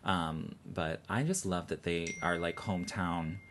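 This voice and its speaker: Brief: American man, podcast co-host, low voice, enthusiastic fan chatter, faint room hiss. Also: measured pace. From Chicago, USA. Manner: gushing, animated fan talk. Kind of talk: casual chat.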